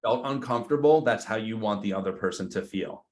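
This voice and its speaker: A man's voice: fairly low pitch, brisk. A man leading a live training session for his team of agents, talking casually with slang and acting out both sides of phone calls. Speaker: real estate team trainer. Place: meeting room with a group. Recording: roomy echo.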